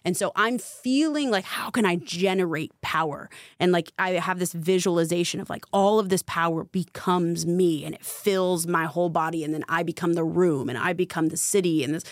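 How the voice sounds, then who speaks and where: A woman's voice: on the low side, moderate pace, hardly any pauses, dry recording, clean studio sound. A woman guest on a podcast, working as a spiritual coach, telling a personal story in casual conversation, earnest and full of filler "like". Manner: earnest, heavy use of filler "like".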